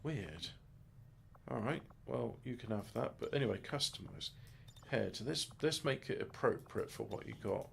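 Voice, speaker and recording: A man's voice: medium pitch, expressive, moderate pace, gravelly, slight background noise. A man muttering his way through a game in casual let's play commentary, with crude offhand jokes. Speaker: gamer.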